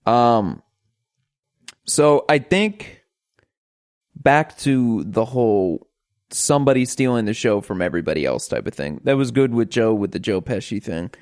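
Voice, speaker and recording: Brief: male podcast co-host, mid-pitched, dry close mic, laid-back. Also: expressive, a little slow, a little mellow, no echo. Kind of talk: casual podcast chat.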